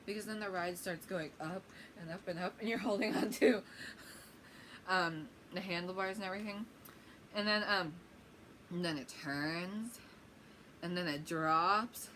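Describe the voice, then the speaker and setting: A woman's voice: fairly low pitch, pushed and bright, a little hiss or hum. A woman vlogger telling a rambling, chatty story-time tale.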